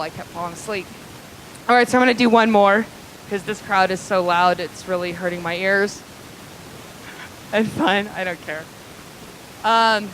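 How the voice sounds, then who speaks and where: A woman's voice: mid-range voice, a bit bright, slight background noise, rough recording. A woman stand-up comedian telling crude, rambling stories with lots of fillers, recorded live in a small comedy club.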